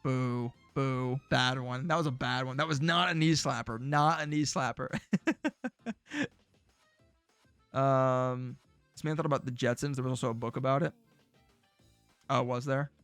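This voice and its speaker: A man's voice: medium pitch, fairly even intonation, unhurried, pauses often, fairly bright tone, clear, resonant tone, no echo, soft background music. A man streaming casually, reacting to old predictions with jokey, sarcastic remarks.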